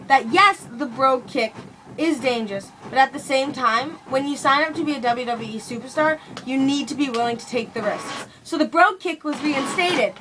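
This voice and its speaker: A young woman talks through a casual vlog review in a rambling, chatty way, full of fillers. Her voice sits a little high and sounds bright and sharp. A faint hiss of background noise runs under the recording. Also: poor audio. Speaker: wrestling fan reviewing an event.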